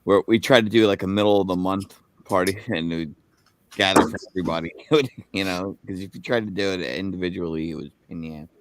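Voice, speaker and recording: Man, very low voice, dry laid-back joker, casual chat. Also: fairly quick, slight background noise. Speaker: chat guest.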